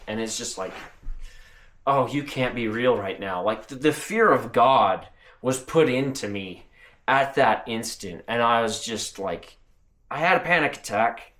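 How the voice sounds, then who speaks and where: A man's voice: on the low side, unhurried, fairly bright tone. A man telling a personal spiritual testimony in an earnest, emotional way, often restarting his sentences. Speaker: channel host and truck driver.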